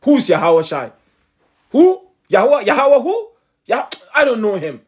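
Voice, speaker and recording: A man's voice: very high voice, wildly swooping pitch, a little slow, pitched above the performer's own voice, full character voice. A man voicing the apostle Peter as a flustered, incredulous man denying he knows his master. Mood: flustered denial. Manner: frantic, incredulous brush-offs.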